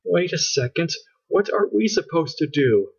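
A man's voice: fairly even intonation, measured pace, breathy edge. A man voicing a timid, frightened girl who whimpers in a raised voice, on a dull lo-fi recording. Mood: fearful. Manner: whimpering, high and nervous.

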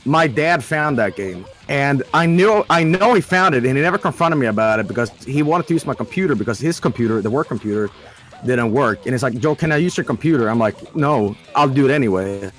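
A man's voice: mid-range voice, a little fast. A man chatting casually on a stream and telling funny stories, swearing and laughing as he goes. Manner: animated, swears, laughs a lot. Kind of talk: casual chat, storytelling.

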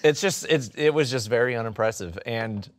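A man's voice: medium pitch, brisk, dry recording. A man hosting a food review podcast in casual chat, rambling with many fillers and laughing often.

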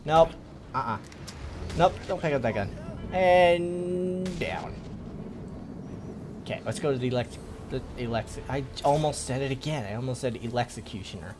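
A man's voice: medium pitch, fairly quick, background noise. A young man giving casual, joking commentary while playing a video game, swearing often and taunting the enemies on screen. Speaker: gaming video host.

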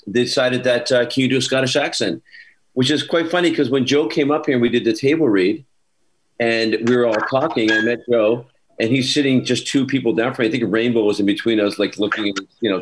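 A man's voice: mid-range voice, a little hiss or hum. A man telling self-mocking anecdotes as an actor on a virtual panel over a video call. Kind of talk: casual panel chat.

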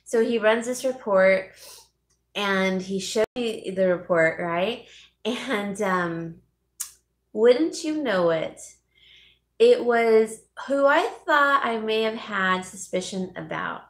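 Slow, chatty woman in an echoey room. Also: mid-range voice. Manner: chatty, laughs often, greets viewers by name. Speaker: YouTube host. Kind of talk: casual live-chat vlog. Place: home.

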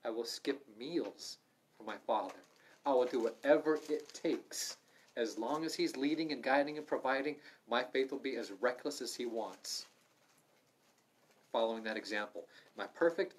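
A man's voice: medium pitch, normal speed, breathy edge. Fervent man leading a Bible study, mid-range voice, punchy emphasis. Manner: fervent, emphatic preaching with sudden loud stresses. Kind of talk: livestreamed Bible study preaching. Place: room in an assisted living home.

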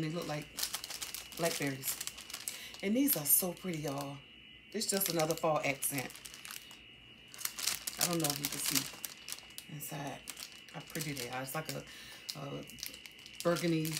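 A low-pitched middle-aged woman chatting through a shopping haul at home. She talks in a loose, halting way, full of ums and restarts. A steady hiss sits under the recording. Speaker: vlogger. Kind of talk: casual haul vlog.

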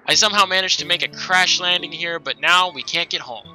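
A man reading aloud the lines of a young woman stranded with her injured bird, in a flat, quick way. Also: high voice, soft background music, rough recording. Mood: pleading.

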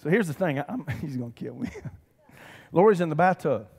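A man, preaching a lively, conversational sermon with humor and calls to the congregation. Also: a little high, normal speed, vocal fry, husky. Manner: animated, conversational preaching with humor and audience call-outs. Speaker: pastor. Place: church sanctuary. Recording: church hall reverb.

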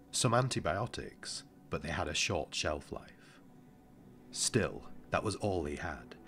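A man narrating an audiobook in a measured, somber way. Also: very deep voice, fairly bright tone.

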